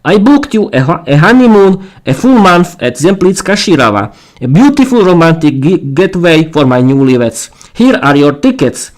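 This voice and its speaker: A man's voice: a little high, sing-song, moderate pace, low-quality recording. Man reading vampire queen, sugary menace, slightly raised voice, storybook read-aloud.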